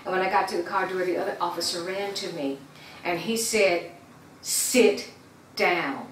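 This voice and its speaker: A woman's voice: on the low side, fairly even intonation, a little fast. A woman giving earnest personal testimony, retelling events and acting out the dialogue, with some stammering. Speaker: community member giving testimony. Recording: roomy, distant mic, faint background noise.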